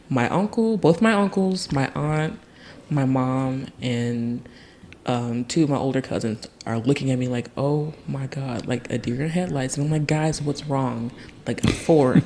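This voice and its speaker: A young Tennessee man, appearing as a guest on a podcast, tells a story from his childhood in a loose, lively way, laughing and doing impressions of other people. His pitch is medium and his pace normal, with a bit of background noise.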